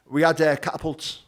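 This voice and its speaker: A man with a Teesside accent telling his rough childhood story as an interview guest, blunt and animated, swearing freely. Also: on the high side. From North East England. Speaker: guest, bare knuckle fighter. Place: gym.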